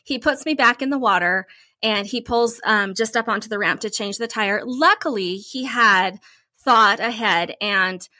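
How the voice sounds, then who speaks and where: A woman co-hosting a podcast, telling a story in a casual, animated way, peppered with "like" and playful bragging. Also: medium pitch, unhurried, no room sound, clean studio sound. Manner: animated, lots of "like", playful self-praise. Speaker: podcast co-host.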